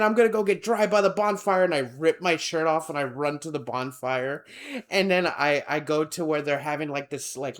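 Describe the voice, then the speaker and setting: A man, co-hosting a podcast and telling a rambling story in casual chat, acting out the people in it. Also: a little high. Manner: rambling, animated, acts out quoted people. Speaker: podcast co-host.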